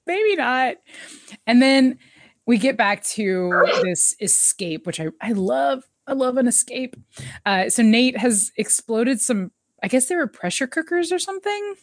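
A woman's voice: a little high, sing-song, unhurried, dry recording. A woman co-hosting a casual chat, recapping a TV episode with an easy, enthusiastic manner. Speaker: podcast co-host.

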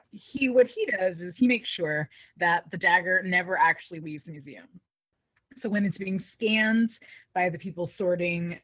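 A woman co-hosting a podcast, casually recapping an episode in an animated way with laughter. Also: on the low side, breathy edge, no room sound. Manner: animated, laughing, acts out quoted lines. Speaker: podcast co-host. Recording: tinny phone-like dry sound.

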